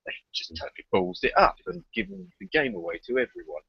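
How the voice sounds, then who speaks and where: Man, husky, dry close sound, blunt and sweary on a lo-fi call. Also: medium pitch, huge pitch swings, fast, dry recording. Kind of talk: casual online discussion.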